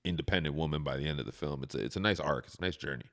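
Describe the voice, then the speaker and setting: Deep-voiced man in animated film chat. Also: rapid-fire. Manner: animated, acts out reactions in quoted voices. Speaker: podcast guest. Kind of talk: casual chat about a film.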